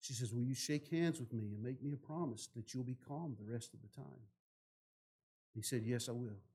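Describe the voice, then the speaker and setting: A man, a pastor telling a story from the pulpit, growing louder and more animated in the dramatic parts. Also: medium pitch, normal speed. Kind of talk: sermon storytelling.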